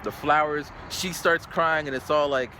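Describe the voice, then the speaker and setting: A man in his forties telling a story in a casual vlog, animated, and acting out sounds and voices. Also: moderate pace, background noise. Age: 40s. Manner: animated, acts out sounds and voices with big pitch jumps. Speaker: English teacher in Japan.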